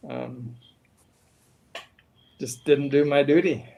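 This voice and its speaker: A man's voice: medium pitch, fairly even intonation, slow, vocal fry, a crowd in the background. A man on a group call, rambling apologetically about his troubles, self-deprecating. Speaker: guest, musician on a drone stream. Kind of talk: casual group chat. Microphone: earbuds or device mic on a call.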